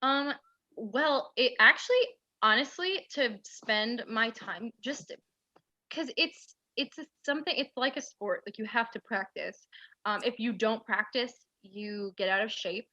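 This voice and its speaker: A woman's voice: a little high, a little slow, bright, forceful tone, no echo, lo-fi sound. A woman in her twenties from central New York, telling a rambling story full of "like" fillers as an interview guest. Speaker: guest, aspiring actress. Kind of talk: casual interview chat.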